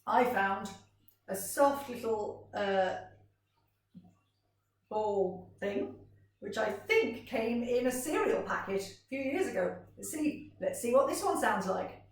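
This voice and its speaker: A woman music teacher leading a gentle, encouraging vocal warm-up lesson for children, in a sing-song way. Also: fairly high pitch, lively intonation, takes it slowly, recorded from a distance. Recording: roomy sound from off-mic.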